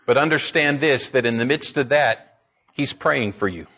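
A man's voice: mid-range voice, normal speed, bright, forceful tone, husky, lo-fi sound. A man preaching a sermon in an earnest way, building emphasis and often restarting his words as he speaks. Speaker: pastor.

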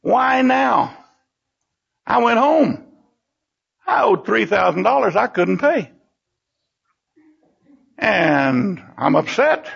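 An older preacher tells stories from the pulpit in a high, heavily gravelly voice. His tone is husky, and he breaks into lively exclamations. The recording sounds dull and lo-fi. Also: very slow, pauses often. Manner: storytelling, animated exclamations. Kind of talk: sermon.

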